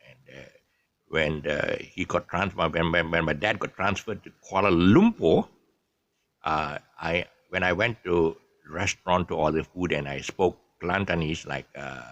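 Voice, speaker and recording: An older man from Malaysia with a Malaysian English accent, telling stories in a casual, rambling way with many pauses and chuckles. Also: low-pitched, a bit bright, no echo. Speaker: vlogger. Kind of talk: casual storytelling monologue.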